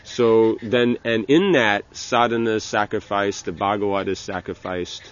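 A man with a fairly low voice lectures informally on religion as a spiritual teacher. He halts often, restarting his sentences and saying "you know," and the audio lacks its high frequencies.

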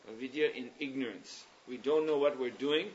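A man leading a religious class, explaining ideas at length in a thoughtful, meandering way with pauses and fillers. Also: medium pitch, slight background noise. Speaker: spiritual teacher leading a class. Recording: dull lo-fi recording.

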